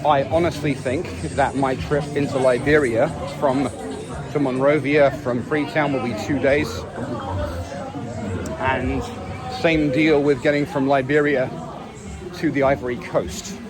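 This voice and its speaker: A man's voice: mid-range voice, fairly even intonation, measured pace, over music, crowd noise. A man talking in a casual, wry travel vlog while walking outdoors on a busy city street. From England. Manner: chatty, wry and self-mocking. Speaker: travel vlogger. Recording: noisy outdoor street recording. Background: street traffic and city noise.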